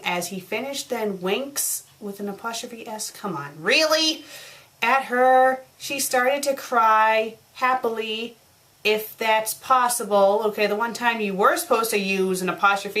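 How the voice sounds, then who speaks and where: A woman's voice: on the high side, unhurried, fairly bright tone. Sarcastic young woman reviewing. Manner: exasperated, sarcastic, rants at mistakes. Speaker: fanfic reviewer. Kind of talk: comedic review reading.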